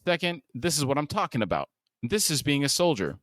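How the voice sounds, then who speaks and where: A man reading a recap and voicing a blunt, weary male soldier in a slow, flat, gruff way. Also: a little high, dry recording.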